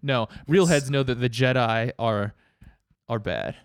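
A man chatting casually, rambling with halting restarts and laughing as he goes. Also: mid-range voice, clear, resonant tone, dry recording, clean studio sound. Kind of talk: casual chat.

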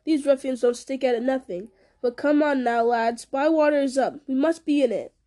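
Brief: woman voicing a loud, blunt country farmer, storybook reading. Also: sits high, normal speed, natural voice. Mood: eager. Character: gruff rustic male hobbit farmer.

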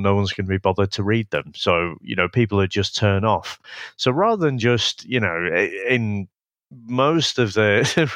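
A man talks casually as a podcast co-host, laughing often and restarting his sentences. His voice sits low. The sound is dry and close to the mic. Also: fairly bright tone, dry recording. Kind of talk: casual film review chat.

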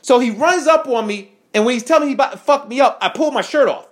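A man angrily recounting a confrontation in a profane, animated first-person story with quoted dialogue. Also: very high-pitched, fast talker. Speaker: veteran recounting an incident. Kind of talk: angry first-person account to camera.

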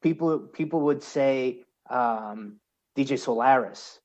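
Halting man, muffled dull sound. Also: medium pitch, a little mellow. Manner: hesitant, repeats words. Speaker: guest. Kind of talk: casual chat.

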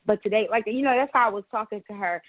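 A woman's voice: mid-range voice, fast talker, dry recording. A woman co-hosting a podcast, telling a story in candid casual chat and swearing freely. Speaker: podcast co-host. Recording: dry tinny phone-like audio.

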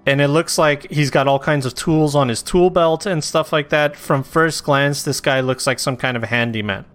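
Smooth-voiced man running a tabletop game. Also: on the high side, moderate pace, fairly bright tone. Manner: casual, swearing, loose storytelling with fillers. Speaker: game master.

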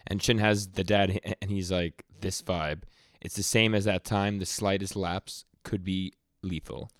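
Recorded at studio quality with no room sound, this young male podcast co-host speaks low and steady. He casually recaps manga, acting out scenes in rapid quoted lines and stammering often as he trips over words.

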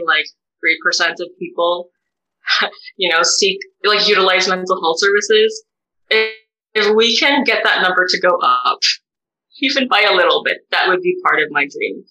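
A woman being interviewed, a therapist and doctoral researcher, speaking in an animated, unscripted way with many fillers and restarts. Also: on the low side, poor audio. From United States. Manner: animated, many fillers and restarts, voice rises sharply when quoting others. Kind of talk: emotional conversational interview.

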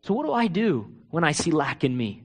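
A male pastor preaching a sermon, asking rhetorical questions and swinging between hushed, intimate moments and loud, urgent ones. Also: on the high side, big pitch swings, a little fast.

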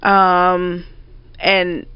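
A woman's voice: on the low side, drawn-out words, clean tone, dry recording. Woman retelling a story bluntly, dry sound. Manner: blunt, profane, animated retelling. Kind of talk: casual storytelling chat. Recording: dry, slightly dull recording.

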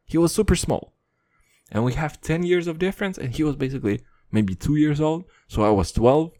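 A man's voice: a little high, brisk, no room sound, clean studio sound. A man rambling through profane stories in a casual late-night monologue, laughing now and then. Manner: animated, laughing between lines. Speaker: vlogger.

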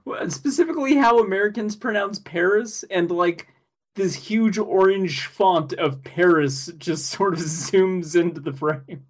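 A man co-hosting a podcast, chatting casually and excitedly, laughing often and rambling with fillers. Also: high-pitched, a little slow. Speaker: podcast co-host. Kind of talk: casual chat recapping an anime episode.

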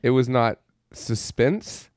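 This podcast co-host has a medium-pitched, darkish voice and speaks slowly, recorded cleanly in a studio with no room sound. He recaps a movie in casual chat, sarcastic and profane, cracking jokes and putting on mocking voices for quotes.

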